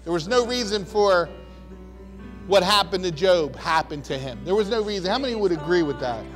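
A man's voice: high voice, animated, moderate pace, soft background music. A man preaching a sermon in a conversational, emphatic storytelling way, likely in a church.

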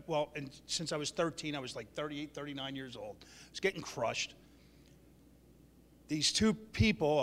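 A man's voice: on the high side, a bit bright. Earnest man testifying in an echoing hall. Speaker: church member sharing a testimony. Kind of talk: personal testimony. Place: ministry meeting hall.

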